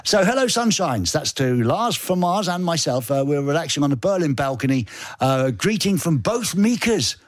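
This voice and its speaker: A man's voice: a little high, sing-song, moderate pace, dry recording, clean studio sound. A man hosting a radio show, chatty and jokey, often poking fun at himself. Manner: chatty, jokey, self-mocking. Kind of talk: casual radio banter and DJ links.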